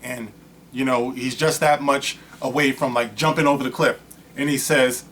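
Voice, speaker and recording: A man's voice: medium pitch, expressive, takes it slowly, long pauses, fairly bright tone, a little hiss or hum. A man hosting his own vlog, ranting in a casual, rambling way with lots of asides and storytelling. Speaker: vlog host. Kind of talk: casual rant to camera.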